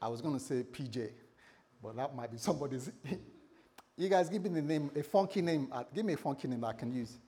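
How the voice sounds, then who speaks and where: A man preaching a sermon to a congregation, animated and telling stories with acted-out dialogue. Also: medium pitch, fairly quick. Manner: animated, acts out characters in dialogue.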